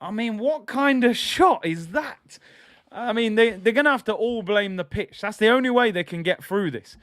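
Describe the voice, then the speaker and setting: A man hosting a live football watch-along, reacting loudly to play and reading out viewer comments. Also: moderate pace, no echo, studio quality. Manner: excitable, trailing off with a low "people"; reads out chat comments between play calls.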